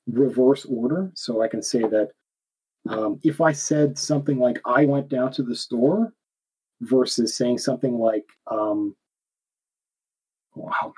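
Canadian guy talking casually, bit husky, keeps backtracking and rephrasing. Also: medium pitch, a little mellow, low-quality recording. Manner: rambling, self-correcting, laughs often. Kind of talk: casual chat.

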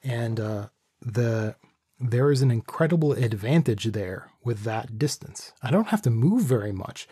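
Man, dark husky voice, dry close studio mic, rambling casual gear talk. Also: mid-range voice, big pitch swings, moderate pace, hardly any pauses, no room sound. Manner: rambling, thinking aloud with restarts. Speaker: vlogger reviewing his microphone setup. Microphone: studio condenser microphone with pop screen.

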